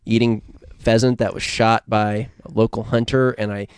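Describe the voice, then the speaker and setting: A man's voice: fairly low pitch, little pitch movement, moderate pace, clear, resonant tone, no echo, clean studio sound. A man from the United States co-hosting a casual podcast, rambling, swearing and laughing through stories. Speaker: podcast co-host. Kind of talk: casual crude chat.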